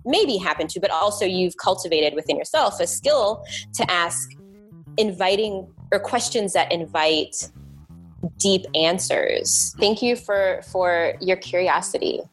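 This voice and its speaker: Low-voiced woman talking thoughtfully. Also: animated, a little slow, soft background music. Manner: thoughtful, with frequent restarts and repeated words. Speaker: podcast guest. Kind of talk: casual interview chat.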